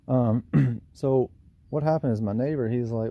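A mid-range male voice at a measured pace carries this casual DIY vlog, where a Southern-accented lawn care business owner talks through an outdoor project by his trailer in a rambling, folksy, self-deprecating manner. It's recorded on a camera mic, and the highs are cut off.

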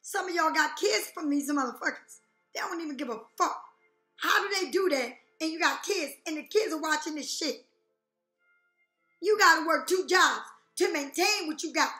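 Woman tarot reader, brassy and high, profane and direct, echoey room with faint music underneath. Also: lively intonation, moderate pace, bright, forceful tone. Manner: blunt, profane, rhetorical questions. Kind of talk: intuitive reading to viewers.

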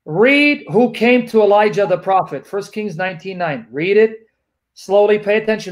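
A man's voice: high-pitched, expressive, moderate pace. A man hosting a livestream, teaching from scripture and hammering his points home with repetition. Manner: emphatic, repeats points for the audience. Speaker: livestream host. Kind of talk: teaching Bible study talk.

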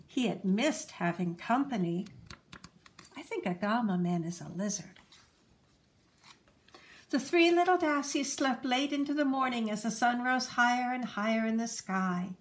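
Unhurried woman reading a storybook aloud. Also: on the high side. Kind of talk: reading a picture book aloud to children.

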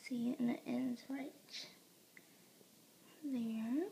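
A woman's voice: fairly high pitch, fairly even intonation, slow, pauses often, slight background noise. A teenage girl giving a casual, rambling room tour vlog, filmed on a handheld phone in her bedroom, full of fillers and joking asides. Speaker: vlogger. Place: bedroom at home.

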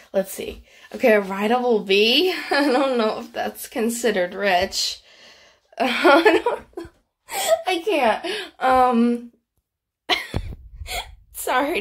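A bubbly, giggly woman chatting through casual gameplay commentary as the host, her voice fading now and then. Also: fairly high pitch. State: voice keeps fading. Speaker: YouTuber host.

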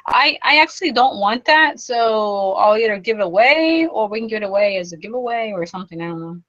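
A woman's voice: medium pitch, animated, fairly quick, fairly bright tone, lo-fi sound. A woman co-hosting a podcast, chatting in a bubbly, casual way about her game pickups. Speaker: podcast co-host. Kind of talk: casual chat.

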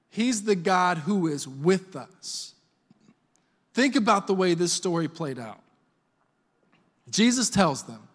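A man's voice: high voice, in a large hall. A man preaching a sermon as a pastor, conversational and joking as he tells stories. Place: church sanctuary.

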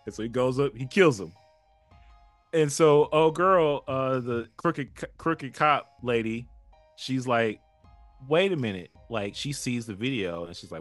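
A man as a podcast guest, recapping a story in a lively way and acting out what characters said. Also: medium pitch, measured pace, no room sound, faint music behind. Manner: lively storytelling that acts out characters' lines, laughs often. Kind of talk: casual chat.

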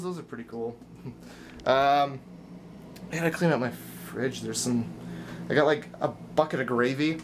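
A man's voice: on the high side, normal speed, slight background noise. A man vlogging casually, telling a rambling story full of stammered restarts and self-deprecating asides.

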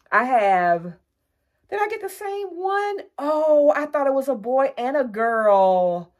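A woman chatting casually to viewers, gushing over holiday decorations she bought and calling her audience y'all. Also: fairly low pitch. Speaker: lifestyle vlogger. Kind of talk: casual haul video chat.

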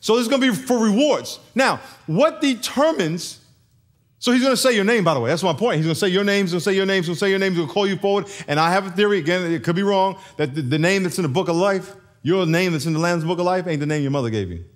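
A man preaching a sermon as pastor, animated and storytelling, chuckling often. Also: sits high, quick pace. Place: large church.

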